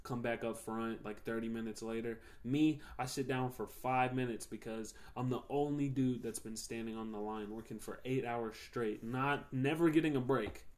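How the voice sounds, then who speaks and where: A man's voice: mid-range voice, fairly even intonation, normal speed, few pauses. A young man hosting a podcast, ranting heatedly and profanely about his job in a casual solo monologue. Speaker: podcast host.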